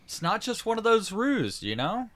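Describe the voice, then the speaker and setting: Man, podcast co-host, dry wisecracks, swears, slightly high, wildly swooping pitch. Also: very animated, moderate pace, a bit bright, no echo. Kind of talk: casual chat.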